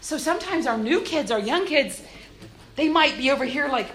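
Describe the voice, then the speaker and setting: A woman's voice: high-pitched, normal speed, a crowd in the background. A woman giving a church youth-group talk, acting out little voices as she goes. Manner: animated, acts out little voices. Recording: echoey room.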